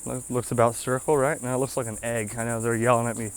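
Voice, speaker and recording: A man's voice: mid-range voice, level tone, fast, clear, resonant tone. A man hosting a ham radio channel, walking viewers through an antenna setup in a casual, folksy way and checking in with a frequent "okay?". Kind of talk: casual hands-on product demo.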